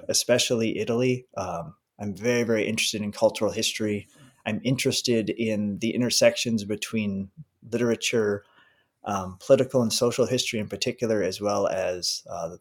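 A man being interviewed as a history professor, speaking in a measured, thoughtful way with some fillers. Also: on the low side. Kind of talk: casual academic interview.

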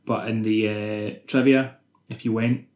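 A young man, a podcast co-host, retelling film scenes in quick, sweary casual chat. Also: on the low side, level tone, a little mellow, reverberant.

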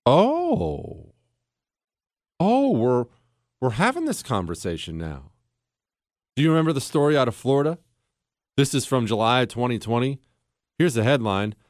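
A man hosting a political commentary show, animated and sarcastic, slipping into mocking voices. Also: medium pitch, brisk, pauses often, no echo, clean studio sound. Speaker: host.

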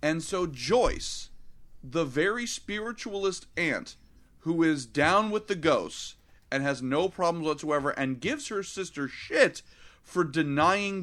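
A man co-hosting a casual movie review chat, retelling scenes with swearing and acted-out voices. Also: a little high. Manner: animated, profane, acts out scenes in mock voices. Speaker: podcast co-host.

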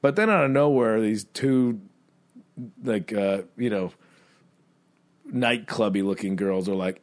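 A man co-hosting a podcast in casual chat, telling a rambling bar story and mimicking people in high squeaky voices. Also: takes it slowly, long pauses. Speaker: podcast co-host.

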